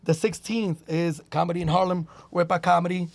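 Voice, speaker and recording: A man with a gravelly, slightly high voice chats with a guest's easy energy, cursing and jumping between English and Spanish. The sound is dry and close, with no room around him. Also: a little fast, no echo. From Puerto Rico. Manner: animated, swears freely, switches into Spanish. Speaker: stand-up comedian, guest. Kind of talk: casual podcast chat.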